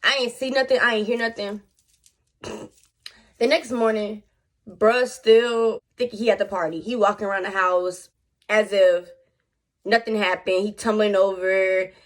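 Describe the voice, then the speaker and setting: Animated slangy young woman vlogger. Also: medium pitch, measured pace. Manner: animated, slangy, talks to viewers. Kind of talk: casual storytime.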